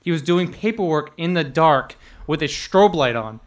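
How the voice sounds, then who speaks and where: A man's voice: lively intonation, moderate pace. A young man telling restaurant stories in casual chat, laughing often and acting out quotes. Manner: laughing storyteller, acts out quotes in a higher voice.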